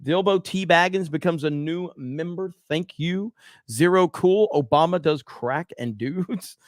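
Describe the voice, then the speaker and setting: A man's voice: a little high, measured pace, no room sound, clean studio sound. Laughing male stream host reading chat. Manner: laughs a lot, loose, filler-heavy. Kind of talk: casual live-stream chat, reading viewer messages.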